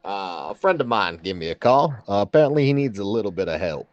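A man voicing a courtly, suave gentleman with a put-on American Southern accent, playing a tabletop game. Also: lowish voice, big pitch swings, fast talker, no room sound, muffled recording. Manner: courtly, formal.

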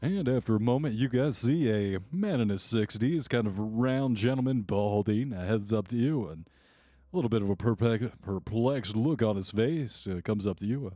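A man's voice: lowish voice, moderate pace, mellow, no room sound. A man narrating as game master in a tabletop game, joking and laid-back.

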